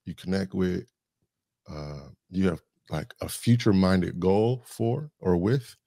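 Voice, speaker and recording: Low gravelly guy on a podcast, thinking out loud, super dry sound. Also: slow, no echo. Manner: thoughtful, talks in lists and examples. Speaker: guest, communication specialist. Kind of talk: reflective podcast conversation.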